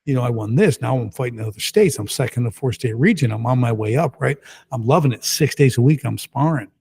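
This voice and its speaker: A middle-aged man, a podcast guest, telling his story in a casual, lively and emphatic way. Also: medium pitch, fast, vocal fry, slightly rough. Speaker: guest entrepreneur.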